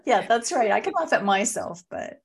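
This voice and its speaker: A woman's voice: on the high side, moderate pace, breathy edge. A middle-aged woman, a podcast guest and author, telling funny family stories in a casual chat and laughing as she goes. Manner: animated, laughs through her stories.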